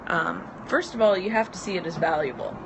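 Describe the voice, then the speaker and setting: A business mentor in her thirties livestreams from her outdoor porch, chatting and rambling with plenty of ums and easy laughter while road noise carries in. Her voice is fairly low, a little fast and creaky.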